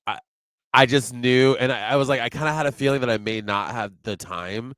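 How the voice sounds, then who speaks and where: A man's voice: fairly low pitch, brisk, fairly bright tone, clean tone, no room sound, studio quality. A man who is a guest musician, chatting casually and rambling with fillers. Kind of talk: casual chat.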